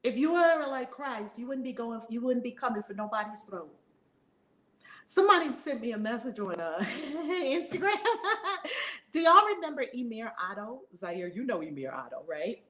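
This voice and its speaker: A woman with a high voice preaches a spiritual lesson, blunt and emphatic, hammering her points home by repeating them. She swears freely and drives each line hard. The room around her rings with a roomy echo. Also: sing-song, moderate pace, a bit bright. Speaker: spiritual teacher and reverend. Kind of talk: fiery preaching-style teaching.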